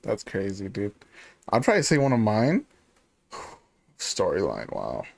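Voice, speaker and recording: A man's voice: lowish voice, wildly swooping pitch, measured pace, creaky, darkish tone, no echo. A man hosting a casual podcast chat, laid-back, laughing often and calling his guest dude.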